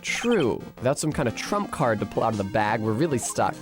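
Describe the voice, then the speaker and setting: A streamer voicing an earnest young defense lawyer while reading game dialogue aloud, in a low and serious voice. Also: male voice, sing-song, brisk, over music, lightly acted. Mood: worried.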